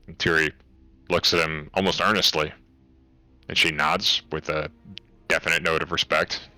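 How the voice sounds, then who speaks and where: A man narrating as game master of a tabletop game, halting and often restarting as he describes the scene and speaks for the characters. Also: a bass voice, fairly even intonation, pushed and bright, soft background music. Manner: halting, with many fillers and restarts.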